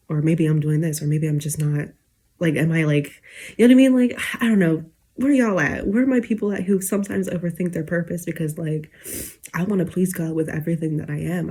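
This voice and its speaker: A woman's voice: sits low, dark tone, husky. A woman in her twenties ranting casually to camera late at night, rambling with lots of fillers and holding back tears as she gets emotional. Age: 20s. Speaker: YouTuber.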